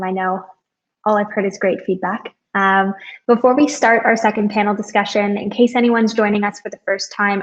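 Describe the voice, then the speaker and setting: A woman's voice: mid-range voice, lo-fi sound. A woman hosting an online event, giving friendly announcements and reading out introductions with occasional ums. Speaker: event host.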